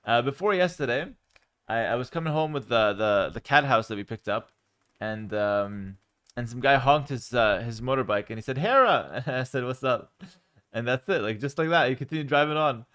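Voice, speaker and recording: This young Canadian guy answers chat questions on a laid-back home livestream, rambling comfortably with plenty of ums and doubled-up words. His voice is mid-range and clean in tone, moving at a moderate pace.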